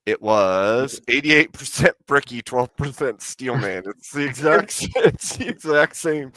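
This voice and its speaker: A man's voice: medium pitch, lively intonation, unhurried, bright, forceful tone, no echo. A man moderating a live-stream debate, announcing topics and tossing in short interjections.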